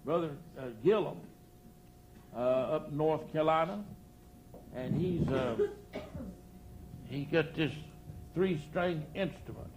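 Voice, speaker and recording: Older man, country preacher, rambling funny stories, slightly high voice, live crowd setting. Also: takes it slowly, long pauses, darkish tone, slight background noise. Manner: folksy, rambling, laughs at his own jokes. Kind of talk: live comic storytelling. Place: outdoor church campground before a live audience.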